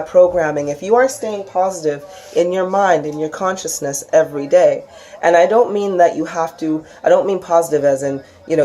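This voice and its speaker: A woman talking through a spiritual lesson in a loose, chatty way. She keeps restarting her sentences and slips into animated, higher voices when she quotes people. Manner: chatty, acts out quoted voices with big pitch jumps; frequent restarts and laughs. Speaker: spiritual teacher. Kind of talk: casual spoken lesson.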